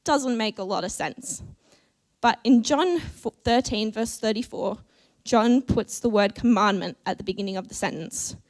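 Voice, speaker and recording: A woman delivers a church sermon in a measured, earnest voice. Her pitch sits a little high, and she pauses deliberately between phrases. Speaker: preacher.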